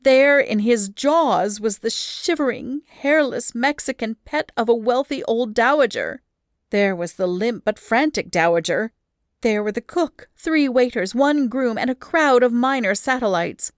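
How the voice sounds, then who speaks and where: Woman narrating an old story, lively. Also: a little high, a little slow, no room sound, studio quality. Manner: lively storytelling with rising emphasis in action scenes. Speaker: audiobook reader. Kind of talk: expressive audiobook narration.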